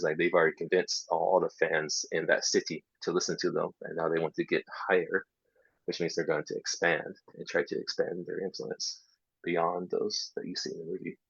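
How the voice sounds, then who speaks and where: A low-voiced man with a gravelly, husky tone talks teachers through a lesson in a relaxed way, now and then sinking into soft half-whispered asides. The sound is dull and lo-fi, dry and close. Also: brisk, dry recording. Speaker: English teacher trainer. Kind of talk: casual workshop talk.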